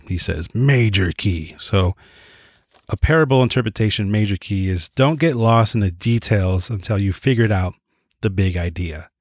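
A man's voice: on the low side, normal speed, darkish tone, dry recording, studio quality. A man teaching a Bible lesson, reading from notes in an earnest way, sometimes stumbling and correcting himself, with casual asides.

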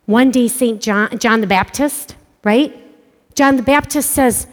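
A woman giving a religious talk to children, telling stories with dramatic hushed asides. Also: a little high, moderate pace. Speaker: catechist speaking to kids. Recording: long hall reverb.

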